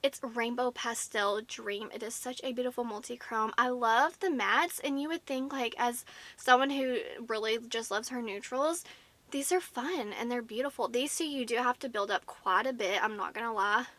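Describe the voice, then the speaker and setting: A woman with a Southern US drawl chats through a product review, gushing and peppering her talk with "like". Her voice sits a little high and comes across bright and forceful. The sound is close and dry, with no room around it. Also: moderate pace, no echo. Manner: chatty and gushing, many "like" fillers. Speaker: beauty vlogger.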